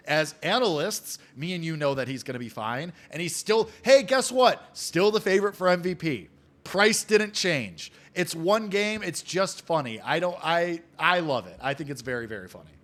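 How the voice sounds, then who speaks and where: A man with a New York accent co-hosting a sports betting podcast in quick, joking banter over a remote call. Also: sits high. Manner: animated, quick, joking, laughs often.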